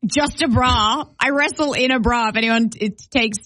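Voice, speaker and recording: A woman's voice: a little high, moderate pace, a bit bright, no echo. A young Australian woman, a wrestler, chatting playfully in an interview and laughing often. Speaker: guest wrestler. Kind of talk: casual interview chat.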